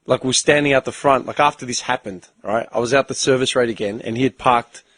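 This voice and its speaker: Husky Australian man telling stories. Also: medium pitch, fast, no echo. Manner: profane, animated storyteller who acts out both sides of conversations. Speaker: podcast host. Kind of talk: casual storytelling chat.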